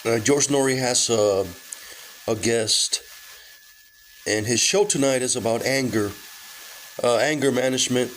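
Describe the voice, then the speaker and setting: A man's voice: mid-range voice, slight background noise, poor audio. A sick man with a weak voice, rambling in a casual vlog from his car with many halts and fillers. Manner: halting, full of fillers and restarts. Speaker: vlogger.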